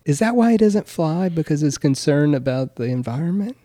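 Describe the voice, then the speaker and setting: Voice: medium pitch, lively intonation, fairly quick, mellow, a little hiss or hum. A podcast co-host chatting casually and making wry, teasing remarks about a friend's family. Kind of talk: casual chat.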